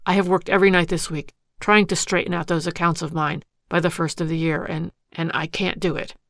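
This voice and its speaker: Frightened husband on the run, hurried and halting, read by a woman with a low, gravelly tone. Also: flat delivery, fairly bright tone, no echo, studio quality. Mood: desperate. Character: desperate middle-aged husband in trouble.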